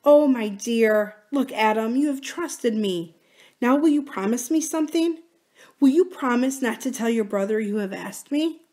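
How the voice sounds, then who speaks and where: A woman reading aloud and voicing a wounded, scheming young woman who speaks slowly and softly to coax. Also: fairly high pitch, voice pushed up, lightly acted. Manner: soft, slow, coaxing.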